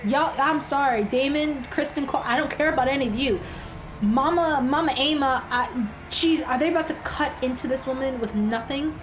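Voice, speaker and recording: A woman's voice: high voice, normal speed, noisy background. A woman hosting a reaction video, talking bluntly to the screen with frequent exclamations and swearing. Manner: blunt, swears freely, talks straight to the screen; emotional, exclaims and gasps often. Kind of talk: casual reaction commentary.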